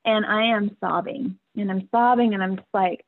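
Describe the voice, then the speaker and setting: A woman's voice: mid-range voice, fairly even intonation, moderate pace, creaky, few pauses. A woman in her forties, a podcast guest, telling a personal family story candidly, earnest and emotional, often laughing through her words. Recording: tinny phone-like line.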